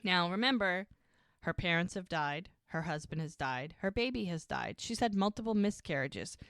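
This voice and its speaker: A woman's voice: lowish voice, animated, normal speed, fairly bright tone, no room sound, clean studio sound. A woman co-hosting a podcast, chatting casually as she retells a TV episode scene by scene. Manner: chatty retelling, acts out quoted lines. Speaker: podcast co-host.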